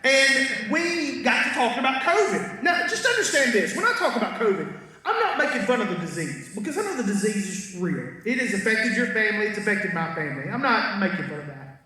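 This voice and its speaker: Fairly quick and sharp, this man's high-sitting, very animated voice carries his stand-up set of folksy tales, punchlines and crowd asides. It was recorded far back among the live audience of a big concert hall, where the stage mic sounds distant and echoey.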